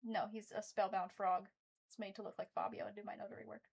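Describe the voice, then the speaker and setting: A woman friend bantering casually, spinning deadpan absurd jokes. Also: medium pitch, fast, creaky.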